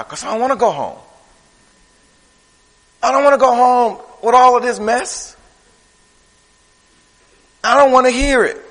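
A man preaching a sermon in a conversational style, swinging from loud, high bursts to low, quiet asides. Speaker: pastor. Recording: reverberant hall.

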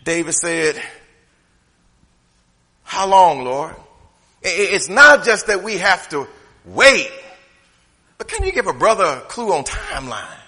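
High, bright-voiced preaching man. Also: huge pitch swings, moderate pace, breathy edge, in a large hall. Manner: humorous, conversational preaching that swings from loud to hushed. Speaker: pastor. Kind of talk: sermon. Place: church sanctuary.

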